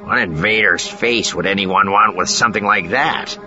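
A male narrator voicing a gruff male pirate who growls his questions. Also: lowish voice, normal speed, muffled recording, over music, natural voice.

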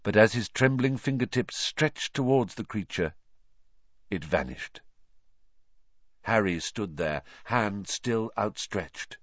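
A man reading a fantasy novel aloud as an audiobook narrator, expressive and given to dramatic pauses. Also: lowish voice, no echo, highs cut off.

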